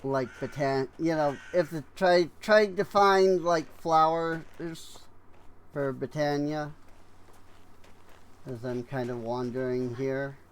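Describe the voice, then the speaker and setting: Slow, rambling tired-sounding man gaming. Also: a little high, slight background noise. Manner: rambling, unhurried, many fillers and trailing thoughts. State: yawning, tired. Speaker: gaming streamer. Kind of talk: casual let's-play commentary.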